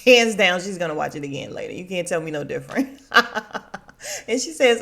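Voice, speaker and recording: A young adult woman talks casually on her own podcast, recapping a show with frequent laughs. She slips into loud, high voices when quoting people, then drops back to her easy chatty tone. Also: lively intonation, normal speed, vocal fry. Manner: chatty, laughing, acts out quotes with big swings. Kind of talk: casual chat.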